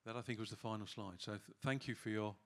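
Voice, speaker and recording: Low, monotone man finishing a conference talk. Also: fast talker. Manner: hesitant, filler sounds between phrases. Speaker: conference speaker. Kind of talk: closing a conference presentation. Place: conference hall.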